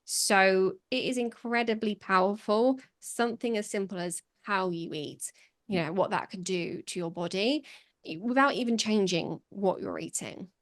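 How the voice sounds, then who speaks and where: A woman's voice: mid-range voice, normal speed, no echo. Woman nutrition expert, dry mic. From United Kingdom. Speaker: guest nutritional therapist. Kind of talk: explaining in an interview.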